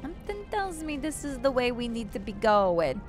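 A young woman with a high, light voice chats through a game as a playful let's play streamer. She swings between theatrical outbursts, mock grief and muttered asides. Game music plays loudly behind her. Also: sing-song, moderate pace. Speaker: gaming streamer. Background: game music and gunfire.

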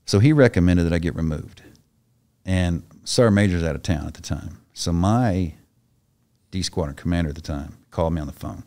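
A man's voice: low voice, moderate pace, a little mellow. A middle-aged man, a retired soldier, telling a story as a podcast guest in a blunt, profane, casual way and acting out the other voices in it. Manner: blunt, profane, acts out the voices in his stories.

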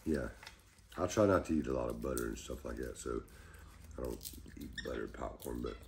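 A man's voice: extremely low pitch, moderate pace, gravelly, a little mellow, a little hiss or hum. A man hosting a pet monkey channel, talking to his monkey in a playful, coaxing, teasing way. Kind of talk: casual chat with his pet. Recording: roomy echo.

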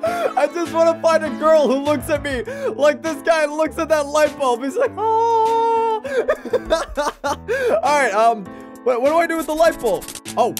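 A man doing excitable, giggly let's-play commentary, talking to his viewers as he plays. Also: extremely high pitch, unhurried. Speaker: gaming YouTuber. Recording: game music playing behind.

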